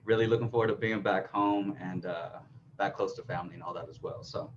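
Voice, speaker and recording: Man, from Texas, friendly easygoing chat, low voice, dull audio, faint hiss. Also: fairly even intonation, brisk. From raised in Texas. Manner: friendly, easygoing, says "y'all". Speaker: first-time participant. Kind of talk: casual video-call chat.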